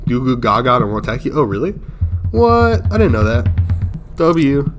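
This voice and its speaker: A man streaming a horror game, chatting casually with his viewers, swinging from mumbled muttering to loud outbursts and swearing often. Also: mid-range voice, big pitch swings, normal speed. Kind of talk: casual live gameplay commentary. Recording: loud game music behind the voice.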